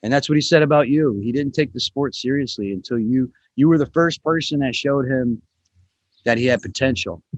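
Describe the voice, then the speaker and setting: A man's voice: mid-range voice, fairly quick, dry recording, muffled recording. A man hosting a podcast in a casual, chatty way, swearing now and then. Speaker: podcast host.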